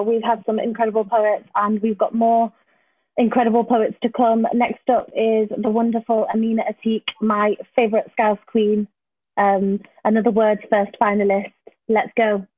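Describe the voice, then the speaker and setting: A woman's voice: a little high, little pitch movement, moderate pace, dry recording. A woman hosting a poetry event, effusive and gushing with praise, with plenty of fillers. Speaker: event host. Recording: dry, phone-like line.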